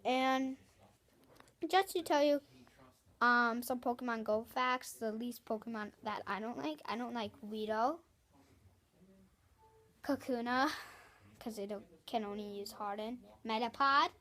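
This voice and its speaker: A woman's voice: fairly high pitch, unhurried, pauses often, a bit bright. A woman hosting a casual video, rambling and chatty with apologetic asides. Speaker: video host. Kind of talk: casual vlog chat.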